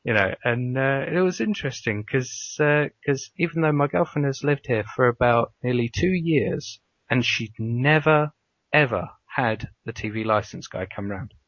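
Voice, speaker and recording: A man's voice: medium pitch, lively intonation, moderate pace, a bit bright, dry recording. A man hosting a podcast in casual conversation, telling stories with many hesitations and fillers. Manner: hesitant, full of uhs, anecdotal. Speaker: podcast host. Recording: dry, dull lo-fi audio.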